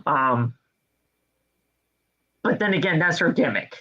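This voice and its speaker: A man co-hosting a podcast, recapping wrestling in a casual, animated way. His voice is bright and forceful and sits a little high. The audio is dull and lo-fi. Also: slow pace, slightly rough. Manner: animated storytelling with mock voices and exasperated jokes. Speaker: podcast co-host.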